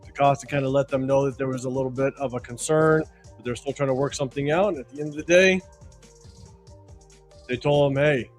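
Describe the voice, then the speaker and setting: Guy co-hosting a fan stream, easygoing, mid-pitch voice, faint music behind. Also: a little fast, long pauses. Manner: relaxed, guides the clips, asks for subs. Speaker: co-host of a fan livestream. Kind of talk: casual livestream chat.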